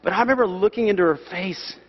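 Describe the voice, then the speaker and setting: A middle-aged man preaching a sermon in a church, animated and repeating key phrases for emphasis. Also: sits high, fast talker, breathy edge. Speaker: pastor. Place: church sanctuary. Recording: dull sound with long hall reverb.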